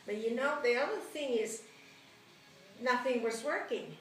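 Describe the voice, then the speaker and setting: An older woman, recounting her childhood in an animated oral-history interview, often laughing and acting out what people said. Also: fairly high pitch, a little slow. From Germany. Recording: roomy, distant mic, faint noise.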